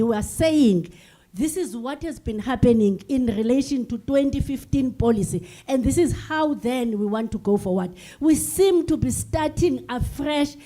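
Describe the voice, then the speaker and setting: Older woman from South Africa, delegate at a forum, speaking earnestly and with emotion; dark, mellow tone, fairly high. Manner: earnest, emotional, repeats herself. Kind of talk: impassioned floor address. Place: large conference hall.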